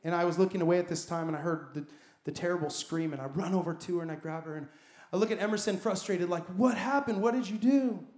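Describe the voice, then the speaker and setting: A pastor preaches emphatically in a church sanctuary, building his points through repeated phrases. His voice sits on the high side, steady, fast, and darkish, and the hall is echoey.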